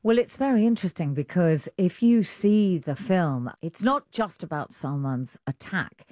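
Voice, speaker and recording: A woman with an English accent presenting a radio arts show, reading clear scripted links and chatting with a colleague. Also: fairly low pitch, warm tone, no room sound, studio quality. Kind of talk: broadcast presenting.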